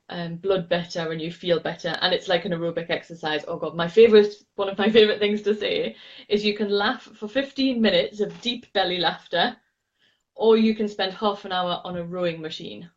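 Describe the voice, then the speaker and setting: A cheerful woman with a Northeast English accent talks through laughter yoga in an interview. She is bubbly and breaks into laughter often. The sound is a little dull and lo-fi, like a video call. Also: mid-range voice. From Northeast England. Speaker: laughter yoga teacher, guest. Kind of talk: enthusiastic interview, teaching demo.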